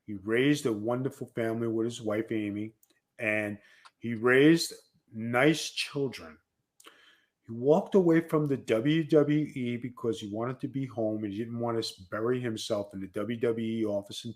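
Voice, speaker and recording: A man with a New York accent hosting a wrestling podcast, telling stories and acting out the people he quotes. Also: mid-range voice. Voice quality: animated storyteller who acts out quoted dialogue. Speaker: podcast host and former wrestler. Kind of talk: casual storytelling chat.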